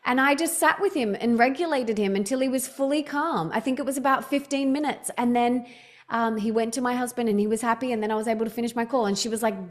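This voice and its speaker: A woman in her thirties, a podcast guest telling stories in casual chat, with many restarts and fillers. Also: fairly high pitch. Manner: chatty storytelling, quick restarts, lots of "like".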